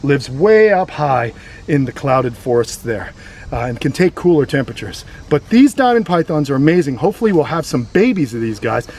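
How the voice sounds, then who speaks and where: A man's voice: medium pitch, sing-song, normal speed, a little mellow, a little hiss or hum. A man hosting a casual educational vlog outdoors on a grassy lawn, explaining reptiles with chatty enthusiasm. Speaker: reptile sanctuary host.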